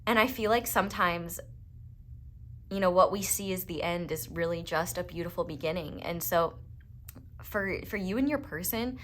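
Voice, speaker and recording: A young woman giving a casual tarot reading in a gentle, reassuring way, with many fillers. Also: lowish voice, moderate pace, a little hiss or hum. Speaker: tarot reader.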